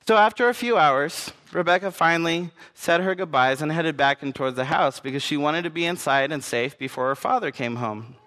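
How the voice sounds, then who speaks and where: A man narrates a story aloud, earnest and gentle, at times turning to his listeners. His voice sits a little high for a man, and a long reverb rings after it.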